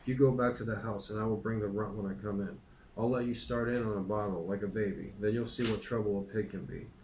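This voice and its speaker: A man reading aloud and voicing a calm, stern but loving farmer father. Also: on the low side, fast, reverberant, a little hiss or hum, close to an everyday voice, low-quality recording. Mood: relenting.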